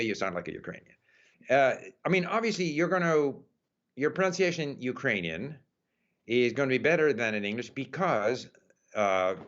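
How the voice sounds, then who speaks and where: Male interview guest, mid-pitched, relaxed and thoughtful, dull lo-fi audio. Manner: thoughtful, frequent "uh" and "you know". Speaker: interview guest, language learner. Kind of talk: relaxed conversational interview answers.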